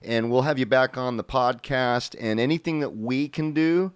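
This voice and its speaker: Smooth-voiced enthusiastic male podcast host. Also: mid-range voice, steady tone, normal speed, no echo. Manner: enthusiastic, repeats words as he talks. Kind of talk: casual interview chat.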